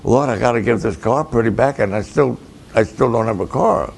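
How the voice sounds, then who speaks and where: A man, a pastor, telling a story slowly and dramatically, acting out both sides of the conversations. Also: medium pitch, creaky, slight background noise. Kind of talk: storytelling sermon to camera.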